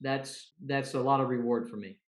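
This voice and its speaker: A man's voice: mid-range voice, fairly even intonation, moderate pace. A man guest, an umpire, talking earnestly in a casual interview and often repeating words as he thinks. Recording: roomy echo.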